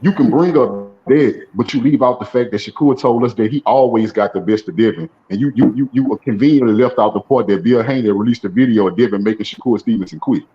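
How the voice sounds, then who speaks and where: A man's voice: mid-range voice, fast, few pauses, mellow. A man calling in to a boxing talk show, emphatic and argumentative in a casual chat. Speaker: caller. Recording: dull online call audio.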